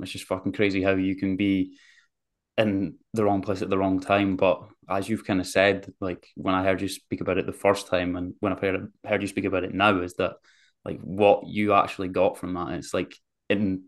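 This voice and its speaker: A man's voice: low voice, little pitch movement, brisk. A man hosting a podcast, chatting casually with his guest, laid-back and rambling as he builds up to his questions. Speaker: podcast host. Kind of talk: casual interview chat.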